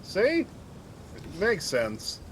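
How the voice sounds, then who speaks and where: Man, tabletop player, joking, hesitant, bright edgy tone. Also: on the high side, sing-song, very slow, slight background noise. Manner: joking, hesitant with many ums. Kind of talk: casual tabletop play.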